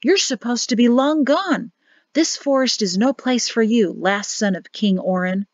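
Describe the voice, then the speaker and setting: A woman's voice: fairly high pitch, animated, measured pace, no echo, highs cut off. A woman reading as a grim, earnest forest guard. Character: male forest guard, grim yet apologetic.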